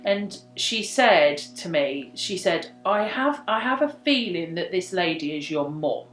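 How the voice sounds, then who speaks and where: A woman's voice: on the low side, expressive, measured pace, a bit bright. Woman telling a story in an echoey room. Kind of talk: casual chat telling a true story.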